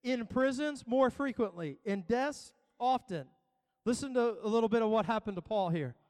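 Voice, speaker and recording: A man's voice: extremely high pitch, lively intonation, normal speed, darkish tone, big-room sound. A man preaching a sermon as pastor, building emphasis through repetition. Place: church.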